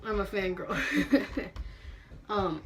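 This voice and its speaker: A woman's voice: medium pitch, lively intonation, very slow, gravelly, slight background noise. Bubbly late-teen girl, sassy casual vlog chat, congested and breathing hard, a mid-range voice. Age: late teens. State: stuffy nose, breathing hard. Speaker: beauty vlogger. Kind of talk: casual room tour chat. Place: her bedroom.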